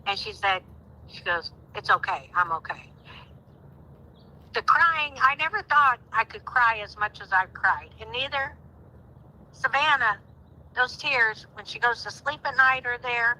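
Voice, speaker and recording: A woman's voice: fairly high pitch, a little slow, sharp tone, rough recording. A woman in her sixties calling in to a live stream, talking earnestly and pleadingly, her voice rising sharply when she grows indignant. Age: 60s. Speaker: caller. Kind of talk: emotional call-in on a live stream.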